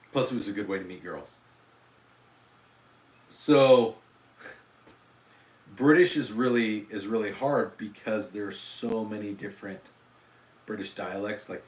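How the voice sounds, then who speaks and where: Rambling, lowish-voiced man in a roomy echo. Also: recorded from a distance. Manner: rambling, filler-heavy, self-deprecating. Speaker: livestream host. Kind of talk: casual livestream chat.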